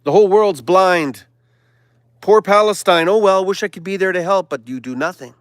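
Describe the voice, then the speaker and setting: A man on a livestream delivers a fervent, preachy monologue into a close mic. His voice sits slightly high, and the sound is dry with no room around it. He swings between forceful declarations and near-whispered asides. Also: normal speed, no room sound. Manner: impassioned, swings from loud declarations to hushed whispers. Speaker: livestream host.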